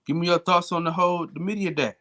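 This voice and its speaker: A man's voice: high voice, fairly even intonation, fast talker, background noise. A man calling into a live show, telling a story in a laid-back, repetitive way. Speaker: caller and co-host. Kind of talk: casual live call-in chat.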